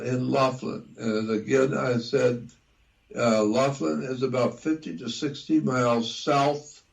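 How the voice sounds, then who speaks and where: A man speaking as an interview guest, talking deliberately and repeating key details for emphasis. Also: medium pitch, gravelly, a little mellow. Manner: spells out words letter by letter. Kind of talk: conversational interview.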